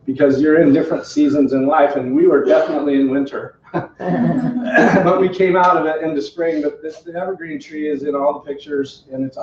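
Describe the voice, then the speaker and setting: A man's voice: mid-range voice, a little mellow, slight background noise. A man casually telling a personal story to a small group at home, chatty and self-deprecating, often quoting others and laughing. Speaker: company representative telling his story. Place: living room in a home. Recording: roomy, distant, dull home video.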